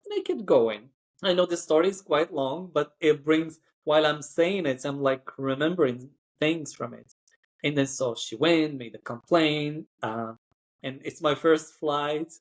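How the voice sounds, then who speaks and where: A man's voice: a little high, measured pace. A man who works as cabin crew, telling a story in a chatty podcast style, full of "like" and acted-out voices. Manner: chatty, acts out quoted voices, frequent "like".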